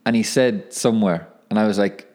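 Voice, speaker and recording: On his solo podcast, a young professional footballer rambles casually, correcting himself and chuckling at himself. The male voice is fairly low, a little mellow and a little fast.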